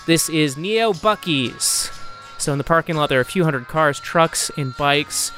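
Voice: mid-range voice, animated, unhurried, fairly bright tone, soft background music. A game master narrating a tabletop game in a vivid, playful, cinematic way.

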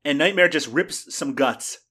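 A man's voice: on the high side, a little slow, pushed and bright, slightly rough. A man co-hosting a podcast, wryly retelling a bad movie in casual banter with frequent laughs. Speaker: podcast co-host.

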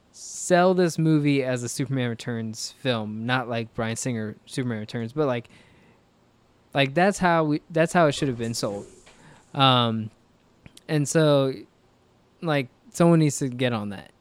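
A man's voice: mid-range voice, a little slow, clean tone. A man co-hosting a podcast in casual, rambling chat, full of fillers and jokes. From American South. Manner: rambling, filler-heavy, jokey. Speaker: podcast co-host.

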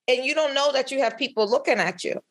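An emphatic woman speaks candidly as a guest on a podcast. Her voice sits a little high, and she often breaks off and restarts her sentences as she talks. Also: quick pace. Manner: expressive, emphatic, with frequent restarts. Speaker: podcast guest, physician researcher.

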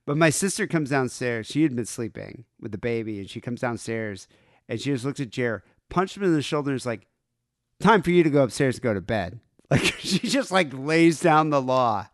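A man's voice: medium pitch, animated, moderate pace, no room sound, studio quality. A man co-hosting a podcast, telling stories casually and laughing at them. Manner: storytelling, laughs at his own tales. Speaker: podcast co-host. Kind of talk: casual chat.

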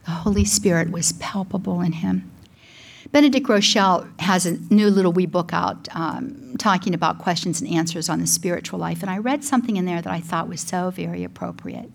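An older woman giving an emotional spoken testimony, preaching at times in a near whisper, with a husky voice. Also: on the low side, a little fast. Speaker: Catholic speaker and broadcaster. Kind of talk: sermon.

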